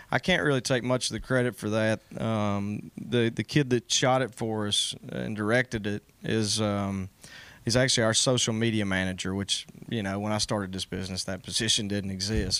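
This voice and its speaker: A man's voice: on the low side, steady tone, normal speed, a bit bright, no echo. Easygoing self-deprecating male storyteller. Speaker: country singer guest. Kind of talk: casual radio interview.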